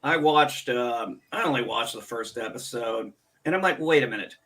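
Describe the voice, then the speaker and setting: A man's voice: medium pitch, animated, moderate pace, bright, forceful tone. A man hosting a casual stream, ranting sarcastically and swearing freely. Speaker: streamer host.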